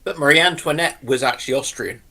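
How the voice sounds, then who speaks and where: High, bright-voiced joking co-host man. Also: fast, gravelly. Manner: wry, joking interjections. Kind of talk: live viewer Q&A.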